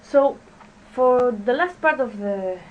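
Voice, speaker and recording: A fairly high-voiced woman leads a classroom pronunciation drill, talking very slowly and haltingly and asking the class to repeat words. She is picked up from a distance in the room. Faint noise sits under her voice. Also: lively intonation, highs cut off. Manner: slow, halting, checks in with "okay?" and has the class repeat words. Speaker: English teacher.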